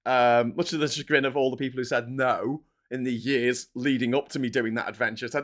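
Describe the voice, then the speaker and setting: A man hosting a live stream, rambling and animated, laughing and swearing as he chats and reads out viewer messages. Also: medium pitch, fairly quick, hardly any pauses.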